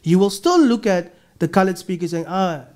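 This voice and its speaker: Guy, kinda high voice, professor type, explains earnestly, stumbles and repeats words. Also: big pitch swings, fairly quick, a little mellow. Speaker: linguistics professor, podcast guest. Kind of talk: casual interview talk.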